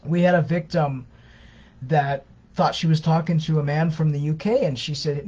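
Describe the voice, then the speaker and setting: Guy on a live q&a, kinda high voice, earnest and explaining, sounds muffled and lo-fi. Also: normal speed, dark tone, breathy edge. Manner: earnest, explanatory, repeats words. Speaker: co-host of a scam-awareness page. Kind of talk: casual live Q&A.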